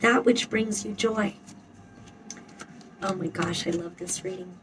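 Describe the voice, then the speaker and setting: A woman's voice: mid-range voice, unhurried, distant mic, a little hiss or hum, poor audio. A woman giving a spoken tarot reading, emphatic and blunt, swearing freely and repeating her phrases. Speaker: tarot reader.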